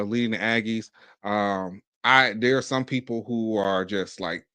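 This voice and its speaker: A man in his forties from Mississippi, hosting a casual sports commentary show, animated and talking in bursts with frequent restarts. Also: on the low side, clean tone, dry recording. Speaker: podcast host.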